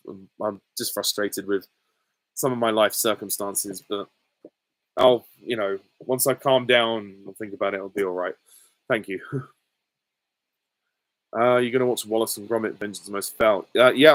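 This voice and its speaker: A young man in his twenties chats through viewer questions on a live stream, with a lowish voice. He talks in an easygoing, halting way, full of ums and small laughs. The sound is dry and close. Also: no room sound, poor audio. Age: 20s. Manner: easygoing, hesitant with frequent ums and soft laughs. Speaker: YouTuber answering viewer questions. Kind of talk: casual live Q&A reading chat comments.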